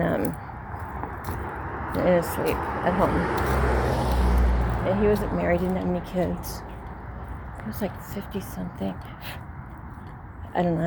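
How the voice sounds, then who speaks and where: A woman's voice: on the low side, flat delivery, measured pace, creaky, pauses often, noisy background. A middle-aged woman with a Southern Californian accent, talking candidly and rambling while she walks her dog outdoors, recorded on a phone. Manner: candid, rambling, restarts often. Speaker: vlogger. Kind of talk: casual personal talk while walking a dog. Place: outdoors on a street. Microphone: phone held while walking.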